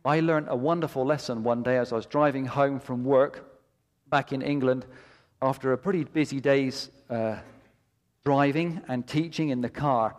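A man's voice: mid-range voice, steady tone, moderate pace. A middle-aged male pastor preaching a sermon with impassioned, emphatic delivery and repeated phrases that build to peaks. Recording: long hall reverb.

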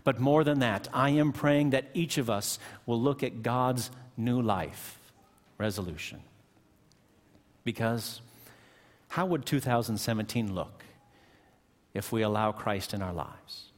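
A male pastor delivers a sermon in a church, rising in pitch to stress key words and then sinking low and slow at the ends of phrases. His voice sits at a middle pitch, and the sanctuary's long reverb trails after each phrase.

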